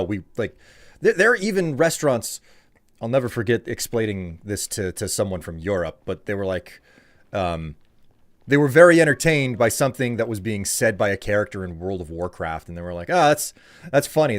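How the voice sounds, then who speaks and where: Rambling American man chatting on stream. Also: lowish voice. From United States. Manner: rambling, ranting, talks back to chat. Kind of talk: casual live-stream chat.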